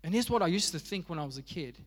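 A man's voice: fairly high pitch, animated, quick pace, long reverb tail. An Australian man preaching a sermon as pastor, telling stories with humor and animation. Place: church.

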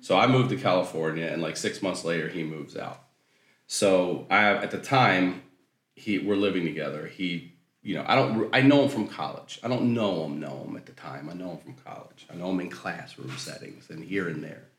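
A man from Maryland telling a profane, animated comic story as a guest storyteller, laughing through his punchlines. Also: sits low, normal speed, roomy sound. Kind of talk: comedic storytelling.

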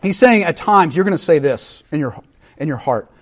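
Animated preacher, light voice. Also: male voice, a little high, normal speed. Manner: animated, shouting voices for crowds, then dropping to quiet intensity. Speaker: pastor. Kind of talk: sermon.

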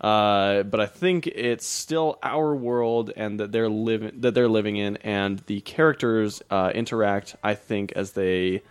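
A man's voice: fairly low pitch, fairly even intonation, a little slow, few pauses, smooth, dry recording. A man co-hosting a casual podcast, joking around and reading news items aloud. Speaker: podcast co-host. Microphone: podcast mic.

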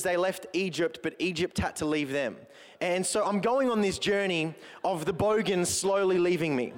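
A male pastor with a country Victorian Australian accent, giving a chatty, joking sermon full of rambling asides. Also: high-pitched. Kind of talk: humorous sermon. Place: church auditorium. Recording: long echo of a large hall.

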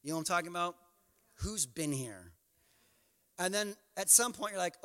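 A male pastor preaching a sermon, moving from quiet storytelling to impassioned, near-shouted exhortation. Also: sits high, expressive, moderate pace. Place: church sanctuary. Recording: church hall reverb.

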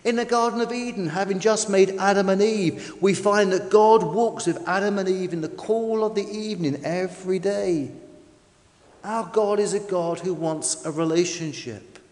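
A man's voice: high-pitched, normal speed, darkish tone, big-room sound. A man preaching a sermon with an emphatic, varied delivery.

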